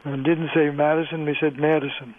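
An older man, a linguistics professor, speaks as a radio guest in a measured, explanatory way. His voice comes through a tinny phone line and sits a little high. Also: fairly even intonation, slight background noise. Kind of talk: radio interview.

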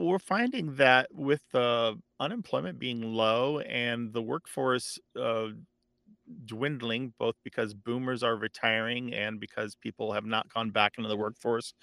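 A man explaining word origins as a guest expert, thoughtful and steady. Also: mid-range voice, creaky, no room sound, clean studio sound. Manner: thoughtful, with fillers and restarts. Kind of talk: conversational explaining.

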